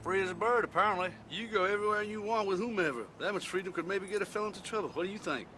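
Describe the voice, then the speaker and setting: An actor playing a menacing middle-aged ex-convict, speaking in a put-on Southern drawl in a taunting way. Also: male voice, high-pitched, rapid-fire, pushed and bright, faint music behind.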